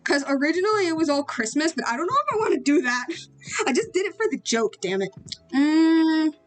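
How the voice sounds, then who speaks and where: A woman's voice: sits high, sing-song, brisk, soft background music. A young woman chatting casually while she draws, rambling, giggling and using slang. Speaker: artist streaming while drawing. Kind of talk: casual chat while drawing.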